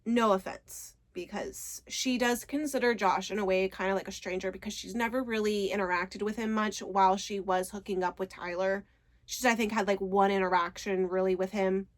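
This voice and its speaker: A woman's voice: medium pitch, fairly even intonation, moderate pace. A woman casually recapping a book, chatty, retelling scenes and quoting characters' lines. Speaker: book reviewer.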